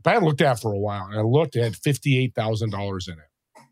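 A man in his sixties, a podcast guest telling stories in a lively conversational way and acting out the voices of people he quotes. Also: lowish voice, fast, dry recording, studio quality. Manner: animated, acts out quoted voices. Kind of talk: conversational storytelling.

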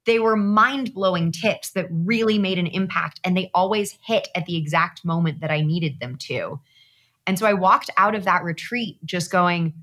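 A woman guest on a podcast, telling a personal story in a casual, animated way and acting out her own past thoughts. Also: fairly low pitch, normal speed.

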